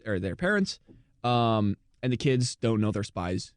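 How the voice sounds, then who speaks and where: A man's voice: lowish voice, sing-song, unhurried, smooth, no echo, studio quality. A man co-hosting a casual chat, retelling a movie plot with lots of fillers. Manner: rambling with fillers and laughs. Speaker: podcast co-host.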